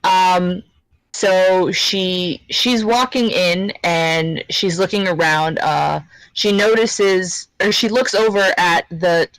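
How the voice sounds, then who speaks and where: Female player, slow, halting, dry close sound. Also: fairly low pitch, fairly even intonation, smooth, no room sound, low-quality recording. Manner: hesitant, many fillers. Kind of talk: describing her character in a tabletop game.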